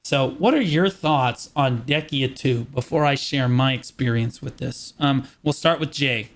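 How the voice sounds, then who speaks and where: A man co-hosting a gaming podcast, ranting in an animated, opinionated way in casual chat. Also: mid-range voice, unhurried. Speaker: podcast co-host.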